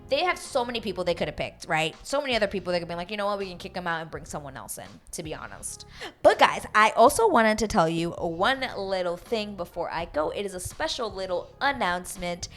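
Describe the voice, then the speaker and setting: A woman casually recapping a reality show, animated and swearing freely as she acts out quotes. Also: on the low side, quick pace, faint music behind.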